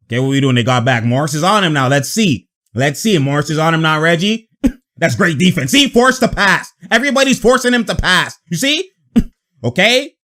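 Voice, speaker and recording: A man talks through basketball footage in a loose, slangy commentary style. His voice sits high and swings widely as he reacts. He laughs often and calls out plays in quick bursts. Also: bright, forceful tone. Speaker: basketball video analyst. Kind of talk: casual game-breakdown commentary.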